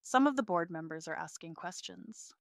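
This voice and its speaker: A woman voicing a brisk, businesslike female staffer calling with news in a narrated story. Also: lowish voice, animated, dry recording, studio quality.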